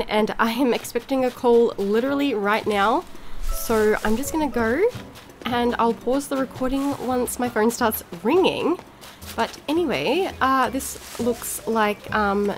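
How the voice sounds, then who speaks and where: High-voiced, excitable woman gamer. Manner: chatty, excitable, cheerfully swears at the game. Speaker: gaming video creator. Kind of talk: casual let's-play commentary.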